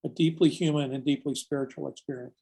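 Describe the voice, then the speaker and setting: A man's voice: mid-range voice, fairly even intonation, fast talker, creaky, warm tone, husky. An older man, a search and rescue volunteer, telling a story in a casual, earnest and reflective podcast conversation. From United States.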